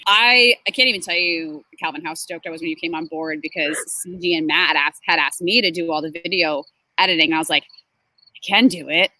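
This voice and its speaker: Woman in her twenties, chatty, slightly low voice, bright tone, dry sound. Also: a little fast, no room sound, rough recording. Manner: chatty, laughs often, lots of fillers like um and like. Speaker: creative and design manager, interviewee. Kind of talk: casual interview.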